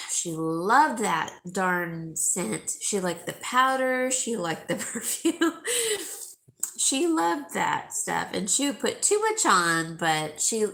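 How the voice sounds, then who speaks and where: A woman's voice: medium pitch, gravelly, a bit bright. A middle-aged woman hosting a live jewelry sale, chatting emotionally with viewers and calling them by name. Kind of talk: casual chat with viewers.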